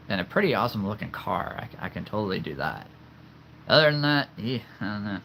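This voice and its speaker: A man's voice: on the low side, big pitch swings, moderate pace, gravelly, pushed and bright, slight background noise. A young man from the central United States hosting a casual livestream, chatty and enthusiastic, laughing easily. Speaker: livestream host.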